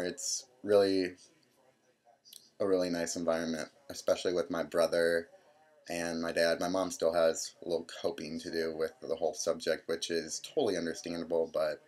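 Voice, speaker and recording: A man's voice: low-pitched, darkish tone. A man in his twenties telling a personal story casually, rambling and quoting people. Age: 20s. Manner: rambling, full of "I'm like" quotes. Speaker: vlogger.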